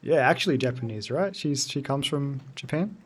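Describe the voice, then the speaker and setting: A man's voice: medium pitch, expressive, moderate pace, husky. A man in his thirties chatting casually while streaming a game, loose and joking, answering his chat. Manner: loose, joking, sweary, talks to chat between game moments.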